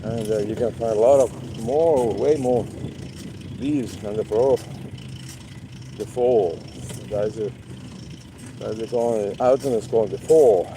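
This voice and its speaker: Slow, rambling man with street noise. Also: on the low side. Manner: rambling, repeats words, many fillers. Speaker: livestream host. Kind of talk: casual live-stream monologue.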